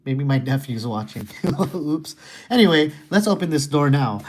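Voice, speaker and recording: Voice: mid-range voice, animated, normal speed, darkish tone, slight background noise. Casual puzzle-walkthrough streamer: rambling, goofy, jokey, reads game text aloud. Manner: goofy, rambling, crude wordplay jokes.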